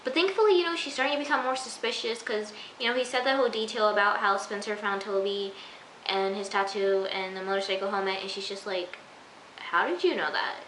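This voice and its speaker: A woman chatting through an episode review, acting out her own reactions and sometimes dropping into a soft near-whisper. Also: medium pitch, brisk, a little hiss or hum. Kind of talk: casual episode review vlog. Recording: echoey room.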